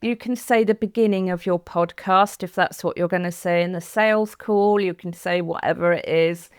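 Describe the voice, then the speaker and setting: A woman's voice: lowish voice, steady tone, moderate pace, clean tone, dry recording, clean studio sound. A woman voice coach talking a listener through a breathing and posture routine, guiding step by step in an encouraging way. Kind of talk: instructional talk to camera.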